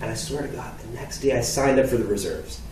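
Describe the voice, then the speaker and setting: A man's voice: mid-range voice, quick pace, slight background noise. Young guy from canada telling stories on stage, acts out the voices, big echoey hall, mic far off. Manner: animated, acts out dialogue. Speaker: speaker. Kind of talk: storytelling keynote talk.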